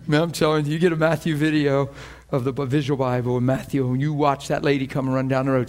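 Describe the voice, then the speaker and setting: A man preaching a sermon, animated and emotional, acting out scripture scenes and breaking into laughter. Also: mid-range voice, fast, hardly any pauses.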